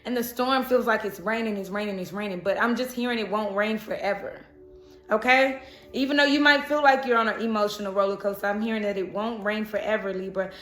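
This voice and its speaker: A woman's voice: mid-range voice, steady tone, brisk, fairly bright tone, reverberant. A woman giving a casual, chatty tarot reading who often laughs. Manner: chatty, laughs and breaks into song. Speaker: tarot reader.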